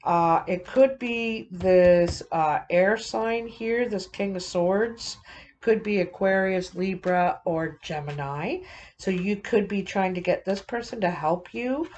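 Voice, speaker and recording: A woman giving a casual tarot reading, thinking aloud in a halting, musing way with many fillers. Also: mid-range voice, a little mellow, slight background noise. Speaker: tarot reader.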